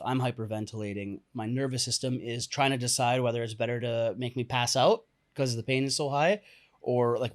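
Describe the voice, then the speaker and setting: Young man as podcast guest, lively storyteller who laughs a lot and acts out the voices of the people in his story. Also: mid-range voice, fairly quick. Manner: animated, laughs often, acts out quoted lines. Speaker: podcast guest, entrepreneur and coach. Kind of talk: casual storytelling interview.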